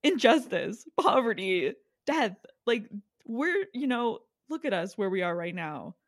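A woman's voice: on the high side, big pitch swings, measured pace, dry recording, studio quality. A woman co-hosting a podcast, chatting casually in a snarky, gossipy way and laughing often. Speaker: podcast co-host. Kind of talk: casual chat.

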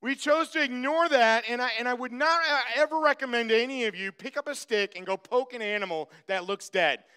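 A man's voice: extremely high pitch, a little fast, few pauses, clear, resonant tone. A male pastor preaching a sermon and telling a personal story from his farm childhood. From grew up on a farm. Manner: storytelling, animated when acting out the story. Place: church.

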